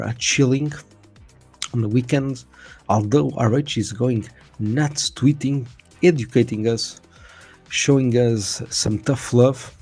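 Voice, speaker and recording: A man's voice: medium pitch, gravelly, darkish tone, breathy edge. A man from Portugal hosting a crypto livestream, chatting casually in a rambling, slangy way and swearing now and then.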